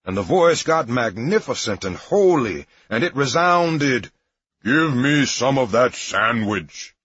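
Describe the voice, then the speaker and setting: A man voicing a grandiose preacher who declaims slowly and solemnly. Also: medium pitch, very animated, fairly bright tone, breathy edge, no room sound, pitched above the performer's own voice, full character voice. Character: grand, booming preacher telling a comic tale. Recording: dry, dull lo-fi recording.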